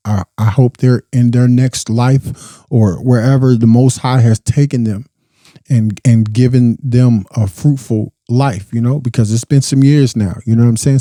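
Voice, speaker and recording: A man's voice: medium pitch, warm tone, dry recording. A young adult man hosting a podcast, giving a blunt, profane, impassioned casual monologue. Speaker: podcast host.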